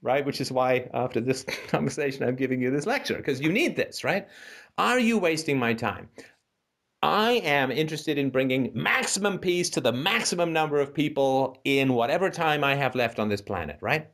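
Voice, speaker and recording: A man's voice: mid-range voice, normal speed. A man hosting a call-in talk show, delivering a casual ranting monologue full of rhetorical questions. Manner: animated, rhetorical, keeps asking "right?".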